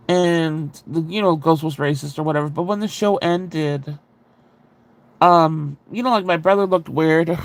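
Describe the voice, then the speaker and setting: A middle-aged man telling a personal story in casual chat, animated and swearing, with his voice jumping up whenever he quotes himself. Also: fairly high pitch, dry recording. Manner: animated, rising sharply when quoting himself, swearing. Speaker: book club stream host.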